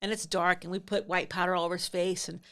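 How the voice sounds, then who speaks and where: A woman hosting a podcast, telling a funny story in an animated way, acting out voices and often breaking into laughter. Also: lowish voice, fast talker. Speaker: podcast host and mother. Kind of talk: comic storytelling.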